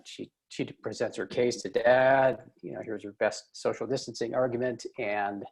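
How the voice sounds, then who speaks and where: A man's voice: mid-range voice, a little slow, creaky, hardly any pauses, darkish tone. A man presenting a webinar on workplace conflict, telling stories in a conversational way with many fillers and restarts. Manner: storytelling, frequent fillers and restarts. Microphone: video call mic.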